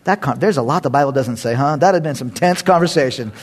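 A man's voice: medium pitch, fast talker, husky. A man preaching a sermon as a pastor, joking and conversational, often breaking into laughter.

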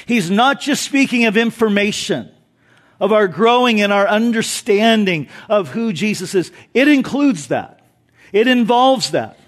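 A man, a pastor, preaching a sermon in an earnest, conversational way, slipping into quick asides. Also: high-pitched.

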